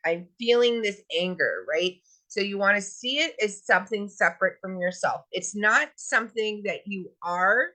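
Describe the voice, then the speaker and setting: A woman teaching a self-help lesson on emotions, gentle and coaxing, asking many questions and stretching words for emphasis. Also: medium pitch, rough recording. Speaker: wellness teacher. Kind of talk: guided self-help talk.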